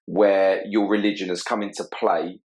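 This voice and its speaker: A male podcast host with a low, even voice asks careful, probing questions. He pauses on the odd filler as he shapes each question. The sound carries a noticeable roomy echo. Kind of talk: interview questions.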